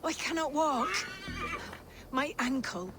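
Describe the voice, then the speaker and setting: A woman's voice: sits high, animated, slow. An actress voicing a frightened, injured young woman held captive in a video game, asking wary, pained questions. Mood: alarmed, pained.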